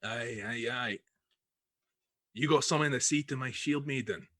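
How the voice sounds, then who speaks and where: A burly, jovial gang leader booms out hearty lines in a tabletop role-play, as a man voices him. His voice is bright and dry, close to the mic, full of swagger. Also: normal speed, no room sound, lightly acted. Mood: gruff. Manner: roaring, hearty, says aye.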